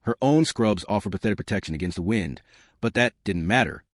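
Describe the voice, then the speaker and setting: A man narrating a dramatic story in a scripted, expressive way. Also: fairly low pitch, brisk, dry recording, clean studio sound.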